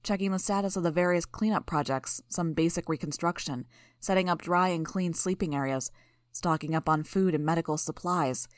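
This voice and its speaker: A woman narrating a novel in the first person, in a steady, even storytelling manner. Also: on the low side, brisk, no room sound, studio quality. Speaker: audiobook narrator.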